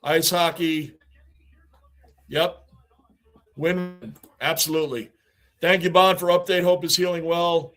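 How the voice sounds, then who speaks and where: A man's voice: fairly high pitch, steady tone, slow, pauses often, a bit bright. Chatty New man riffing on sports. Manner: talkative, reads and answers chat, repeats himself. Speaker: livestream host. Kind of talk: casual livestream chat.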